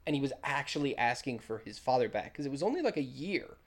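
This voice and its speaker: A man's voice: mid-range voice, very animated, quick pace. A man co-hosting a casual movie recap, retelling scenes with enthusiasm and quoting lines. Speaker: podcast co-host.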